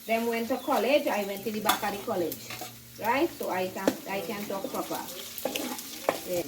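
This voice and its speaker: A woman's voice: mid-range voice, moderate pace. A woman demonstrates her home cooking in a casual, chatty way, tagging "right?" onto her sentences and calling herself by name. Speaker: home cook vlogger. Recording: distant mic, loud frying noise. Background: sizzling frying food.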